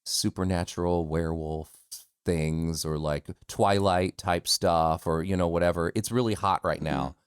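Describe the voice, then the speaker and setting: A middle-aged American voice actor chatting as a podcast guest, self-deprecating and quick to laugh. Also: male voice, sits low, fairly even intonation, smooth, no room sound, studio quality. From United States. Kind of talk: casual interview chat.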